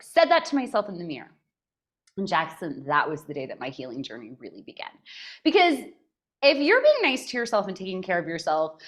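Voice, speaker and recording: Woman, podcast guest, expressive storyteller with a lively, swinging pitch. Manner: expressive, laughs often while telling. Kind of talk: personal storytelling in conversation.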